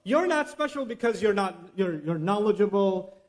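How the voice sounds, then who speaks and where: Guy with a high voice doing a religious talk, chatty and animated, drops arabic verses in. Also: moderate pace. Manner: animated, conversational, mixes in Arabic recitation. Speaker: Islamic lecturer. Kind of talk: religious lecture.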